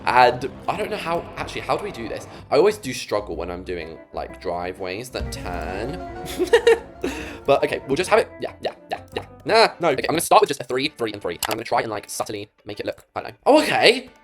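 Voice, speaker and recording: A man's voice: mid-range voice, big pitch swings, quick pace, faint music behind. A young man from England with an English accent, chatting casually and jokily while building in a game as a vlogger. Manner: chatty, jokey, playfully dramatic. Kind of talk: casual gameplay commentary.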